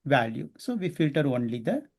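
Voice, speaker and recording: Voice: medium pitch, big pitch swings, brisk, a little mellow, husky. An instructor teaching a class step by step and often checking in with the students. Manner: explains step by step, often asking the class questions.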